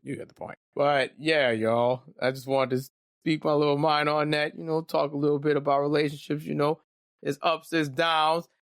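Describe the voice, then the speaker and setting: A man's voice: fairly high pitch, little pitch movement, normal speed, dry recording, studio quality. A young man hosting a casual solo podcast, talking candidly and rambling with joking asides. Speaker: podcast host.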